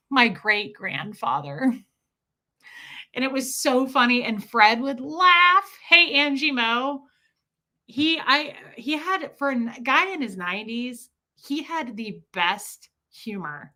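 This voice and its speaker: A woman hosting a livestream, answering viewer questions in a casual, animated, rambling way. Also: a little high. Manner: animated rambling storytelling, quick bursts. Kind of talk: casual chat.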